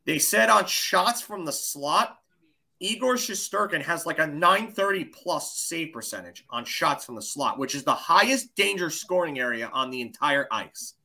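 Excitable high-voiced man arguing hockey. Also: normal speed, vocal fry. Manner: emphatic, excitable, argues hard. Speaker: podcast co-host. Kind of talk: casual hockey chat.

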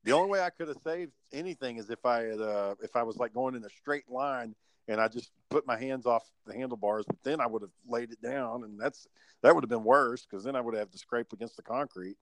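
Guy rambling through a wild story, cusses a lot, middle pitch, dry close sound. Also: a little fast, dry recording. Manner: swearing, animated storytelling. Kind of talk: casual podcast chat.

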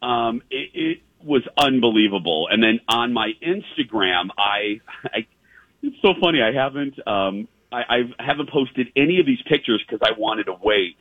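A man's voice: medium pitch, expressive, moderate pace, dry recording. A man hosting a casual show, telling a long story in a rambling way with many fillers and restarts. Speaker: host. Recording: dry tinny phone-like line.

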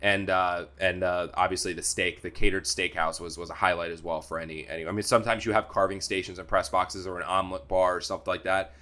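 A young man co-hosting a sports podcast, chatting casually, often repeating words and getting animated when he argues his point. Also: deep voice, quick pace, few pauses. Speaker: sports beat writer and podcast co-host.

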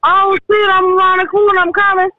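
A woman's voice: extremely high pitch, level tone, brisk, no echo, narrow, tinny audio. A woman calling in as a guest, chatting in a playful, joking way. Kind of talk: casual chat.

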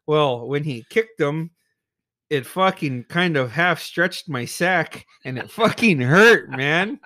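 A man's voice: on the high side, expressive, slow, bright, forceful tone, no room sound, clean studio sound. Profane storytelling man, laughing often. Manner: profane, laughing, acts out friends' voices. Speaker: podcast co-host. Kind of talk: casual storytelling chat.

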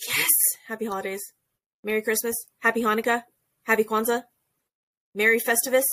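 A woman co-hosting a podcast, chatting in a bubbly, excitable way. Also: a little high, a little fast. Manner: bubbly, exclaims and restarts often. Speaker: podcast co-host. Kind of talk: casual podcast chat.

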